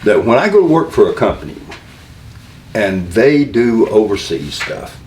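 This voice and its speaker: An older man, a wrestling manager, telling stories in an interview, halting and rambling and acting out the voices of the people he quotes. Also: lowish voice, big pitch swings, darkish tone. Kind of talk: storytelling interview. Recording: roomy room, mic a little far, faint noise.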